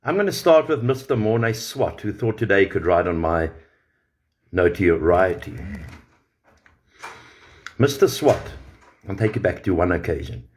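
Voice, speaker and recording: A man's voice: low voice, expressive, measured pace, long pauses, slight background noise. A man on a livestream, confronting a rival directly with an angry, profane rant.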